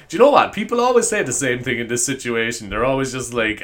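A man's voice: medium pitch, expressive, a little fast, hardly any pauses, a bit bright. An Irish man hosting a podcast, rambling and joking in a casual comedic monologue, swearing and laughing as he goes. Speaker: podcast host.

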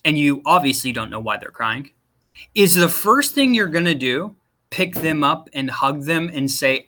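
A man's voice: on the high side, big pitch swings, normal speed, bright, forceful tone. A man working as a career coach, giving direct, emphatic interview advice and repeating his key points. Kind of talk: instructional talk to viewers.

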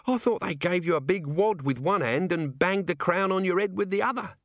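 A man's voice: high-pitched, normal speed, no echo, clean studio sound, pitched above the performer's own voice. A man voicing a scruffy, gloomy male corporal who moans about his troubles, in an audiobook. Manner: moaning, despondent. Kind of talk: audiobook character voice.

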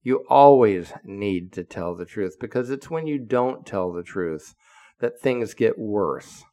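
A man's voice: fairly low pitch, expressive, takes it slowly, mellow. A man of seventy, a podcaster, telling a story in a blunt, profane monologue that turns heated when he quotes himself. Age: 70s.

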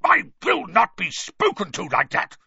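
A man's voice: fairly high pitch, sing-song, measured pace, creaky, bright, forceful tone, no echo, pitched above the performer's own voice, exaggerated voice. A man voicing a growling, bad-tempered uncle. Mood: angry. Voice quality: growling, hissing. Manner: blustering and outraged. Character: stout bullying middle-aged uncle, bad-tempered. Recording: dry, slightly dull recording.

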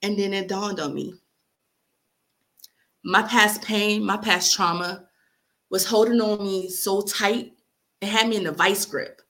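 A woman's voice: medium pitch, steady tone, a little slow, pauses often, a bit bright. A young adult woman reading aloud a heartfelt letter she wrote, speaking earnestly and with emotion. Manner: earnest, heartfelt, near tears at times. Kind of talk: emotional spoken-word reading.

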